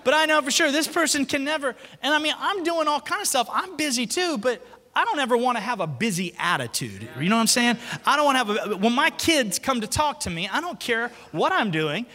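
A man preaching a sermon as pastor, telling stories with lively acted-out quotes. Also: very high voice. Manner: lively storytelling, acts out quotes. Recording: long hall reverb.

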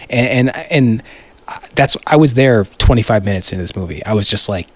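Rambling, excitable young man podcasting solo. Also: lowish voice, normal speed, dry recording. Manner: rambling, excitable, swears freely, many restarts. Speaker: podcast host. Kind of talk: casual solo podcast monologue.

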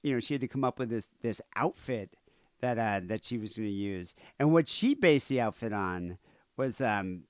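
A man's voice: on the low side, expressive, moderate pace, clean tone, dry recording. A man co-hosting a podcast, telling a story in a rambling casual way, full of "uh" and "you know". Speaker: podcast co-host.

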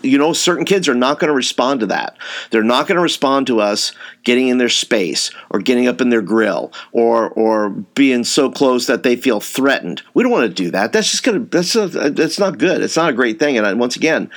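A man giving an informal training talk to youth workers, rambling, with frequent fillers and repeated words. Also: mid-range voice. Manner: says he tends to raise his voice.

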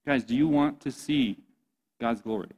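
A man's voice: mid-range voice, moderate pace, a little mellow, breathy edge. A man giving an earnest, impassioned sermon as a youth pastor, often speaking to his listeners as "guys.".

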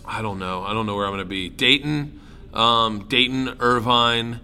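A man's voice: mid-range voice, normal speed, clear, resonant tone. A man, a comedian and guest, telling rambling, profane party stories in a casual chat. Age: young adult. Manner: rambling, profane, animated storyteller.

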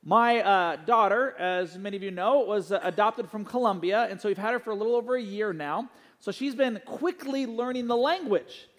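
High-voiced pastor in a reverberant hall. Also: male voice, moderate pace, a bit bright. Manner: conversational, anecdotal, many fillers. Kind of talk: sermon with announcements. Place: church sanctuary.

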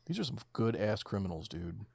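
Gravelly low-voiced man, laid-back. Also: big pitch swings, a little fast, darkish tone, dry recording, studio quality. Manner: laid-back, profane, trailing off mid-thought. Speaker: podcast co-host. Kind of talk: casual movie commentary.

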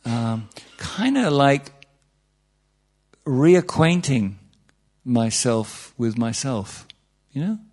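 A man's voice: mid-range voice, very animated, extremely slow, pauses often, darkish tone. A man giving an informal, humorous talk on meditation to an audience, full of asides and "you know"s, his voice jumping up for emphasis. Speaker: meditation teacher.

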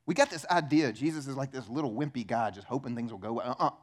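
A man preaching a sermon, animated and emphatic, asking rhetorical questions of his congregation. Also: mid-range voice, quick pace. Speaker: pastor.

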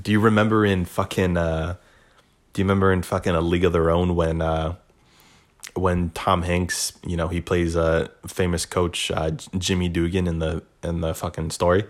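Laid-back man, a bit low. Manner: rambling, profane, laid-back. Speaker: podcast host. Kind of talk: casual solo podcast monologue.

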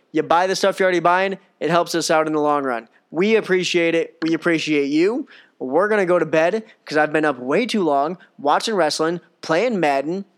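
A man hosting a solo wrestling podcast, joking at his own expense and rambling in a casual, self-mocking way. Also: on the high side. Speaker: podcast host.

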